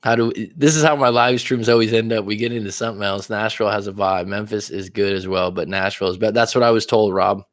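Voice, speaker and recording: A man's voice: fairly low pitch, fairly even intonation, fast, hardly any pauses. A man from California hosting a casual coaching livestream, rambling and chatty, swearing now and then. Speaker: life coach livestream host.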